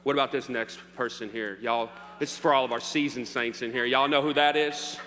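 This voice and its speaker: A man's voice: mid-range voice, steady tone, brisk, pushed and bright. A man preaching a sermon as pastor, joking playfully with his congregation. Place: church hall. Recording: long hall reverb, faint hum.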